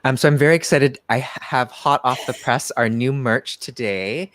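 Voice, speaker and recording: A man's voice: mid-range voice, moderate pace, fairly bright tone. A man, co-hosting a live talk stream in an eager, casual way with many fillers and self-corrections. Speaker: co-host. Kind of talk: casual chat.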